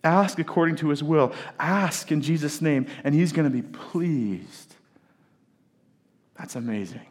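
A middle-aged man preaching a sermon, emphatic, with dramatic pauses and swings from loud to hushed. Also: on the high side. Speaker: pastor.

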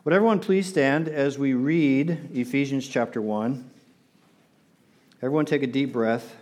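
A man's voice: medium pitch, unhurried, a little mellow. A man preaching a sermon to his congregation in an earnest, repetitive way, often asking them to respond. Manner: earnest, repeats words, asks the congregation to respond. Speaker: pastor.

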